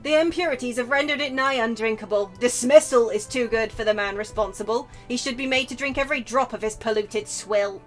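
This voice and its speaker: A woman's voice: a little high, a little fast, hardly any pauses, soft background music, close to an everyday voice. A woman voicing a pompous wine baron. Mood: scornful. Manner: pompous and scornful, with a vague put-on accent. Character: haughty wealthy man, arrogant wine merchant. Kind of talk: reading game dialogue aloud in character.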